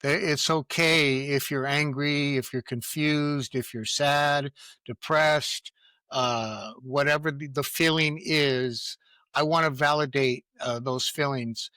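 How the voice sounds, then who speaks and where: A middle-aged man with a slightly high, bright and forceful voice talks earnestly as a guest parenting coach. He reflects candidly on his own experience. The sound is close and dry. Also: steady tone, takes it slowly, clean tone, no echo. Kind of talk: candid interview answer.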